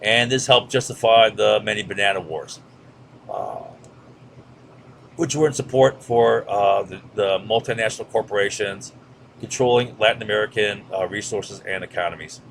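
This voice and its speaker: A man's voice: lowish voice, animated, moderate pace, creaky, fairly bright tone, slight background noise. A man giving a casual history lecture over a map, with lots of fillers and "right?" checks. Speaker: history teacher.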